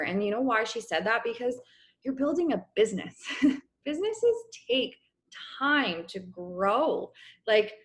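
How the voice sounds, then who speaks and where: A young woman coaching her business team on a casual video call, chatty and encouraging, clearing her throat as her voice wears out. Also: mid-range voice. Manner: chatty, encouraging, many fillers. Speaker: network marketing coach.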